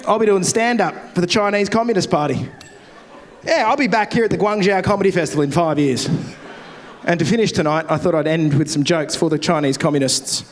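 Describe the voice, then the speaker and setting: Brash, high-voiced Australian comic. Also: male voice. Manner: brash, crude, rapid-fire. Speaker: stand-up comedian. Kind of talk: stand-up comedy set. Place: comedy festival stage.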